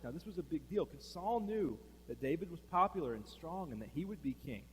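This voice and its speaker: A man's voice: fairly high pitch, expressive, fairly quick, hardly any pauses, a bit bright. A man preaching a sermon as pastor, telling a story in a conversational way, acting out quoted lines and asking the room questions. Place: church sanctuary. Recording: reverberant hall, faint hum.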